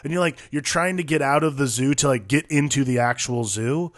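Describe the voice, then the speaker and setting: A man's voice: medium pitch, fairly quick. A man co-hosting a casual movie chat, rambling through odd comparisons and swearing as he acts out little quoted lines. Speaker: podcast co-host.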